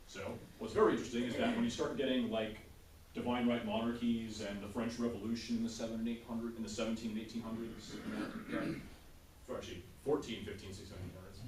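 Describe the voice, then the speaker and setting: A man's voice: mid-range voice, steady tone, fast, a little mellow, a little hiss or hum. A male teacher giving a casual history lecture in class, often checking in with his students by asking "right?". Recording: roomy, distant classroom sound.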